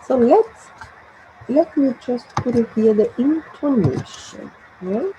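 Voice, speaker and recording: A woman's voice: on the high side, expressive, takes it slowly, dark tone, lo-fi sound, slight background noise. A Brazilian woman with a Portuguese accent teaching an English grammar lesson, drilling short phrases for students to repeat.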